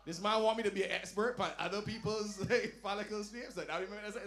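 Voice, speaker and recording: A man performing a stand-up comedy set, telling loud, animated stories and dropping into low asides. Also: fast. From Barbados. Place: lounge comedy night.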